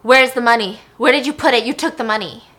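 A woman voicing a desperate, furious male con man who shouts accusations. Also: on the high side, lively intonation, a little fast.

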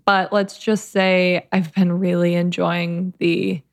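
Chatty, candid young woman, lowish voice. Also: flat delivery, takes it slowly. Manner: chatty, candid, swears casually. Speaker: podcast guest, online fitness business owner. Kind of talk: casual chat.

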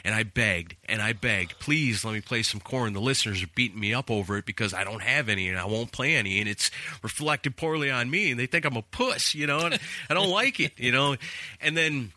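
A man hosting a casual talk show, telling animated stories from his radio days and acting out callers and bosses. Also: mid-range voice, a little fast, no echo. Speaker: radio host. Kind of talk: casual storytelling.

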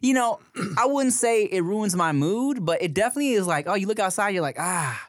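Brief: male podcast co-host from California, animated, jokey, profane, lively intonation. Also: high voice, brisk, no room sound, clean studio sound. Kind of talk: casual podcast chat.

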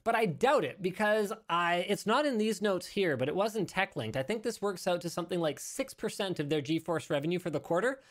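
A man's voice: high-pitched, animated, brisk, few pauses. A male show host talking through tech news in a casual, rambling way, correcting himself and adding joking asides.

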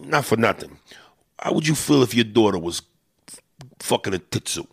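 A man doing a gravelly tough guy. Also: lowish voice, lively intonation, normal speed, dry recording, studio quality, full character voice. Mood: brash. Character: brash old-school Italian-American tough guy.

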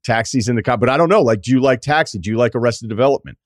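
A man's voice: mid-range voice, rapid-fire, no room sound, studio quality. A middle-aged man hosting a podcast, chatting casually and giving strong opinions with the odd swear word. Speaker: podcast host. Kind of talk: casual chat.

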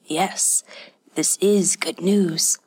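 A woman voicing a bitter young man set on revenge, in a hoarse, croaking near-whisper. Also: on the low side, fairly even intonation, drawn-out words, dark tone, full character voice. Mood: grim, low.

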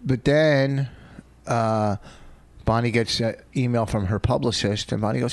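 A man's voice: medium pitch, steady tone, a little slow, no echo. A man comedian hosting a casual chat, rambling and profane as he tells stories. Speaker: comedian host.

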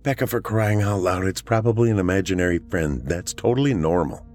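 A man's voice: low voice, fairly quick, a little mellow, natural voice. A man voicing a breezy, dismissive older sister. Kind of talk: horror audiobook reading.

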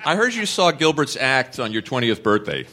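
A man's voice: mid-range voice, sing-song, a little fast, bright, forceful tone. A man co-hosting a live podcast in a comedy club, prompting questions and setting up stories. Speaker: podcast co-host.

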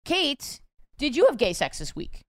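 A woman hosting a podcast in casual chat, making deadpan, sarcastic quips. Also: high voice, unhurried, dry recording, clean studio sound. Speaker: podcast host.

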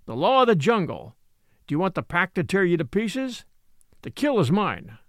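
A man's voice: high-pitched, big pitch swings, moderate pace, fairly bright tone, no echo, clean studio sound, full character voice. A man reading a story, voicing an ardent, masterful man courting a young woman. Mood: stern. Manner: earnest and pleading, then stern.

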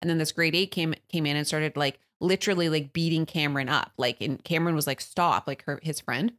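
A woman, co-hosting a podcast, telling a story in an animated way, laughing often and acting out loud quotes. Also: low voice, fast. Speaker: podcast co-host. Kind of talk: casual storytelling chat.

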